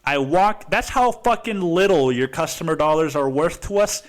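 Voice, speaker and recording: Man, podcast host, casual storytelling, swears a lot, keeps saying dude, fairly high voice. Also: expressive, moderate pace, hardly any pauses. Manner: profane, rambling, says "dude" constantly.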